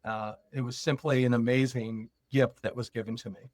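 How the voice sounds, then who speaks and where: In clean studio sound with no echo, a guest on a podcast shares a personal story, animatedly voicing both sides of a conversation from memory. He has a mid-range voice and speaks at a moderate pace.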